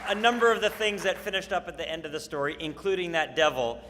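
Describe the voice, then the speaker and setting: A male event host makes brisk, upbeat announcements in a sharp, bright voice. He sounds like he is in a large hall with a long echo. Audience murmur and faint noise sit behind him. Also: a little high, a faint crowd. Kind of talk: emcee announcements.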